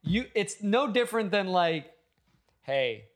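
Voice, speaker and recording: Guy cracking crude jokes with his buddies, voice a bit high, fast when he gets going. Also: expressive, a bit bright. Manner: joking, teasing, swears casually. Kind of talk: casual chat.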